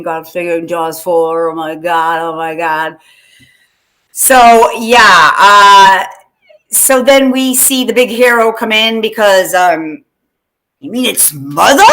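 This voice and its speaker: A woman's voice: lowish voice, pushed and bright. A woman hosting a casual livestream, chatting in a rambling way with lots of fillers and restarts and talking back to viewers by name. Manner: talks back to chat by name. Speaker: host.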